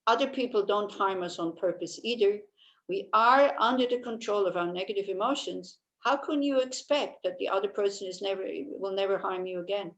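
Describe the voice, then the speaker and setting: A woman's voice: mid-range voice, brisk, lo-fi sound. A woman teaching a Buddhist class, talking in a conversational way and often checking in with tag questions while she answers listeners' questions.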